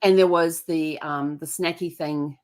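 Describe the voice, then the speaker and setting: A woman's voice: sits low, fairly even intonation, unhurried, darkish tone. A middle-aged woman hosting an online show, telling stories in casual chat with frequent fillers and laughs. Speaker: show host.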